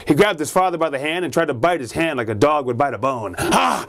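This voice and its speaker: A man's voice: a little high, fast. A male storyteller telling a spooky ghost story in a dramatic manner, with chuckles.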